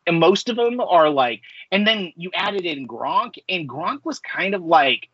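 A man's voice: high voice, big pitch swings, a little slow, husky, no room sound, highs cut off. A man in his forties co-hosting a podcast, talking in a rambling casual way full of filler words and ranting. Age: 40s. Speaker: podcast co-host. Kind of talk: casual chat.

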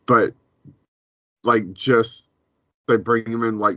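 A man co-hosting a podcast, chatting casually in a halting, hesitant way full of fillers. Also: fairly low pitch, flat delivery, fairly bright tone, no echo, lo-fi sound. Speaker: podcast co-host. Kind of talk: casual chat reviewing a show.

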